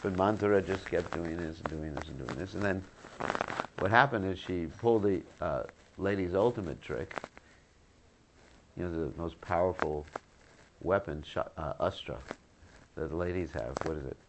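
Man, low voice, religious teacher retelling scripture with jokes and audience asides; noisy recording. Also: moderate pace, pauses often. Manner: chatty, joking, asks the audience questions. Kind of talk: humorous scripture storytelling class.

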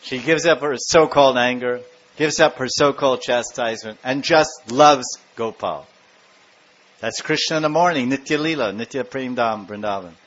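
A man giving a devotional talk, telling sacred stories in an animated way and turning to the listeners with questions. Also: mid-range voice, normal speed. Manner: animated storyteller acting out scenes, with asides to the audience. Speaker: spiritual speaker. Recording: dull lo-fi recording.

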